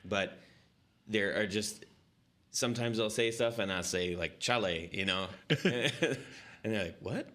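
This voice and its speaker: Bright-voiced man hosting a podcast. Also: fairly low pitch, a little slow. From Southern California. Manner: laughing, self-interrupting, restarts. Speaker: podcast host. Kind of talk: casual chat.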